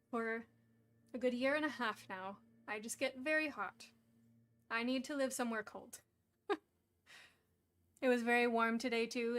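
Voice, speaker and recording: Young woman host, slightly high voice, giggly and chatty read-aloud storyteller, feeling overheated. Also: fairly bright tone. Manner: giggly, chatty, self-deprecating. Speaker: stream host and reader.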